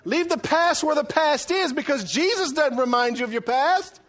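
A middle-aged pastor delivers a sermon with a very high voice at normal speed. He is animated and jokes around, swinging between loud and hushed delivery.

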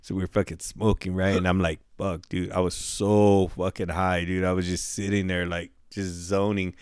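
Middle-aged man, low smooth voice, relaxed profane storyteller, dry close mic. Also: moderate pace, no echo. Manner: profane, laid-back, full of "dude" and "bro", acts out quotes. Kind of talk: casual storytelling chat.

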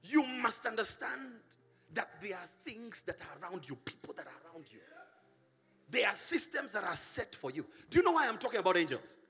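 A middle-aged man from Kenya, a pastor preaching a sermon, animated, with singsong shouts and laughing asides to the congregation. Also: high voice, a little fast, in a large hall.

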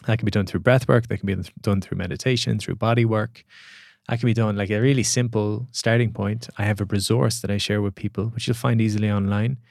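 A man's voice: lowish voice, fast, vocal fry, dry recording, studio quality. A man, a podcast guest and coach talking casually and acting out the voices in his stories. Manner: animated storyteller acting out quoted voices.

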